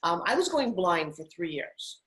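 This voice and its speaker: A middle-aged woman guest telling stories in an interview, animated and putting on voices now and then. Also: fairly low pitch, measured pace, poor audio. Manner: animated, acts out her kids' voices. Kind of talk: interview storytelling.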